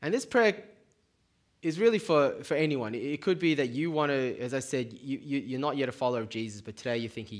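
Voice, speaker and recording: A man's voice: mid-range voice, a little fast. A man who is a pastor, leading an earnest altar-call prayer at a church service and often repeating words as he speaks.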